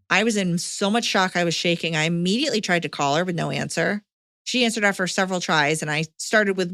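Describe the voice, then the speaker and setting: A woman's voice: on the low side, a little fast, a bit bright, no echo, clean studio sound. A woman hosting a podcast, reading a listener's letter aloud and breaking in with blunt, swearing reactions. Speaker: podcast host.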